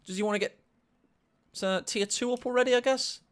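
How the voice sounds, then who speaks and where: A man casting a strategy game match, excitable and quick to gasp at big plays. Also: very high voice, clear, resonant tone. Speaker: esports caster. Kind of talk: live game commentary.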